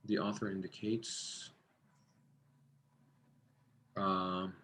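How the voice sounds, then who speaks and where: A man's voice: low-pitched, level tone, very slow, fairly bright tone, slight background noise. A man with an Egyptian accent teaching an online test-prep class, encouraging and reading out students' answers. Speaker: SAT tutor.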